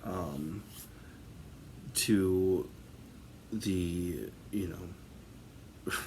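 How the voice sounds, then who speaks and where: A man hosting a podcast drifts through a comic tale at an unhurried pace, his voice sitting a bit low. He rambles, piles on fillers and keeps breaking into laughter. A faint hiss sits under the recording. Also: vocal fry, mellow. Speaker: podcast host. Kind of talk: casual comic storytelling.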